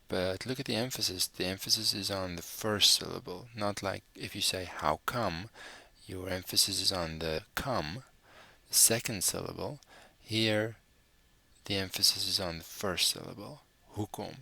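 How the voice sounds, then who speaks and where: Gravelly-voiced man teaching a language lesson. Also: low-pitched, pushed and bright, no room sound. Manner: patient, spells out words slowly and repeats them.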